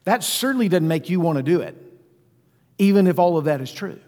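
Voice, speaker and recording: Male pastor giving a sermon, fairly high voice, chatty, keeps asking the room questions, long church echo. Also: expressive, a little fast, a little mellow. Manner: conversational, asks the congregation questions. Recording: long reverb of a church hall.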